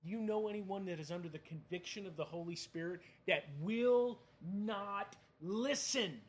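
Man, high voice, preaching, conversational, emphatic, rhetorical questions. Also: normal speed. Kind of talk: sermon.

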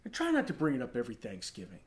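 A man in his thirties preaching a sermon as pastor, telling stories with animated, acted-out outbursts. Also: mid-range voice, racing. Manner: animated storytelling, acts out his own rants.

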